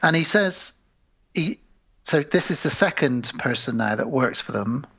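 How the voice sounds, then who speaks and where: Gravelly guy on a podcast, walking through a movie scene by scene, dull lo-fi sound. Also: on the high side, animated, measured pace, a bit bright. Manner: retells the plot at length, acting out lines. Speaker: podcast co-host. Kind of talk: casual film-recap chat.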